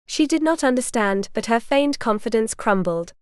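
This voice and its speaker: A woman narrating a romance audiobook in a measured, even storytelling manner. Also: fairly high pitch, smooth, no echo, clean studio sound. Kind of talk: scripted narration.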